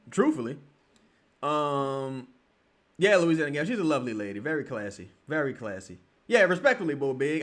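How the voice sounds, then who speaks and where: A man giving live, profane watch-along commentary on a basketball game, breaking into yells at the referees. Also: medium pitch. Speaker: sports streamer.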